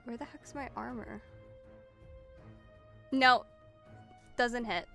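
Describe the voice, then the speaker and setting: A woman's voice: fairly high pitch, steady tone, takes it slowly, creaky, pushed and bright, soft background music. A woman running a tabletop game for viewers as game master, easygoing and laughing often.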